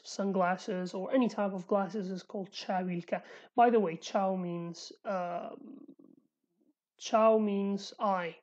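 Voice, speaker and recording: A woman with a Sulaymaniyah Kurdish accent teaching vocabulary in a casual lesson, repeating words slowly and correcting herself with chatty asides. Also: medium pitch, a little mellow, dull audio. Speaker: language teacher.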